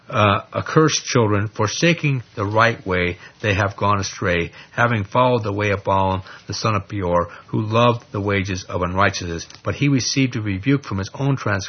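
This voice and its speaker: A man teaching an informal Bible study, conversational and animated, checking in with listeners through asides as he explains scripture. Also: fairly low pitch, breathy edge, highs cut off. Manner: conversational and animated, with frequent "you know" and "okay?" asides.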